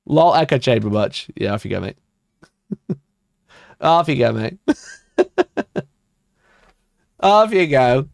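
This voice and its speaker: A man hosting a livestream, answering his chat in a sweary, mocking rant and laughing often, with his voice shooting up high when he gets exasperated. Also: very animated, slow pace, vocal fry, pauses often, no echo, clean studio sound. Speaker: livestream host.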